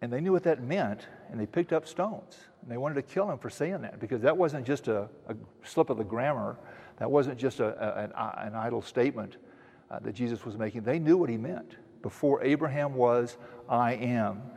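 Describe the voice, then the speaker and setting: Male pastor, mid-pitched voice, earnest expository preaching, long hall reverb. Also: gravelly, darkish tone. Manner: earnest teaching, with frequent restarts and slow emphatic quotes. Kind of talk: expository sermon.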